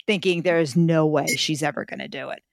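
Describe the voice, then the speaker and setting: A woman's voice: low voice, fairly quick, creaky, slight background noise. A woman guest telling a story in a casual interview, acting out other people's lines as she goes. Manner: animated storyteller, acts out quoted voices.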